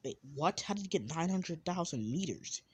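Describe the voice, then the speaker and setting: A young man improvises a fan story in a loose, rambling way. He keeps cutting himself off, and his voice drops quietly at the end of his thoughts. The voice sits a little high and sounds husky and breathy. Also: lively intonation, normal speed. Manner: rambling, self-interrupting, trailing off quietly. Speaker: channel host telling a fan story.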